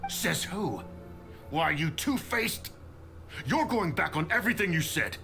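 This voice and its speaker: A man's voice: fairly high pitch, sing-song, a little slow, gravelly, music in the background, full character voice. An actor playing a scheming older male noble who blusters and stammers when he is cornered. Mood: indignant.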